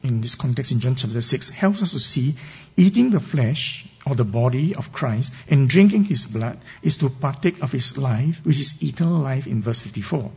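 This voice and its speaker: A man's voice: medium pitch, animated, moderate pace, gravelly, dark tone, slightly rough, dull audio. A man preaching a sermon, teaching earnestly and reading scripture with emphasis. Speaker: pastor.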